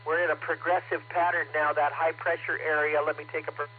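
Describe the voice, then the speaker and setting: A man's voice: on the high side, little pitch movement, a little fast. Chatty man over a tinny radio link. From Tennessee. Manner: chatty, many fillers, reads weather readings. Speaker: ham radio net check-in giving weather report. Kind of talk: casual radio net report. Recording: tinny radio transmission with faint hum.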